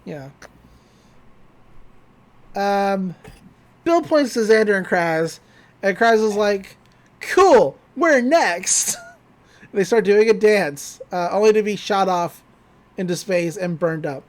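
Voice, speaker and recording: A woman's voice: medium pitch, takes it slowly, pauses often. A woman co-hosting a podcast, animatedly recapping a cartoon episode and acting out the characters' lines. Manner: animated retelling, acting out lines, laughing often. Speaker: podcast co-host. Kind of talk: casual recap chat.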